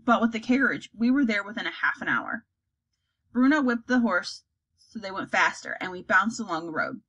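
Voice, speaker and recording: Woman reading a kids' fantasy book out loud, voice swoops up and down, a bit breathy. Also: mid-range voice, normal speed, highs cut off. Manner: acts out characters, lively delivery. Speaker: audiobook reader.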